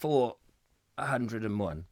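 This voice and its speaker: A middle-aged man hosting a comic live chat show, telling stories with lively acted-out voices. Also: on the low side, takes it slowly. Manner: lively storytelling, acting out voices with laughs. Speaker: host.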